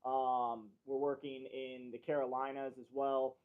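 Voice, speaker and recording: A man hosts a casual livestream from a studio, trading loose jokes with his co-hosts before turning earnest about preparedness. His voice sits in a middling pitch. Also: little pitch movement, measured pace, clear, resonant tone, narrow, tinny audio. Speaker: livestream host. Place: company studio.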